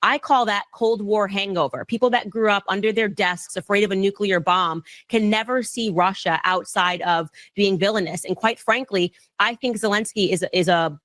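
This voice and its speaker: Casting note: woman in her thirties, mid-range pitch, forceful and argumentative, dry close sound. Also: no room sound. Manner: emphatic, rapid-fire argument. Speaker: interview guest. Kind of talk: political interview answers.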